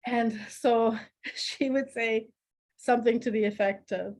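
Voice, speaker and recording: A middle-aged woman, a podcast guest telling family stories in a lively, laughing, conversational way. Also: fairly high pitch, a little slow. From Canada. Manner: laughs often, animated anecdotes with acted quotes. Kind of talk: conversational storytelling.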